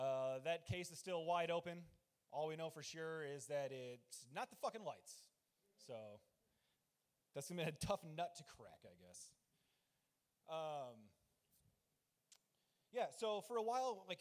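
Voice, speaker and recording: A young man doing a rambling, deadpan, profane open-mic stand-up set on a club stage. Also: fairly high pitch. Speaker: stand-up comedian.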